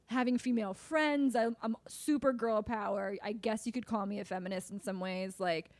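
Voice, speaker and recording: A woman's voice: medium pitch, fairly even intonation, normal speed, no room sound. A woman guest on a podcast, chatting casually, blunt and laughing often as she swears freely. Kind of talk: casual chat.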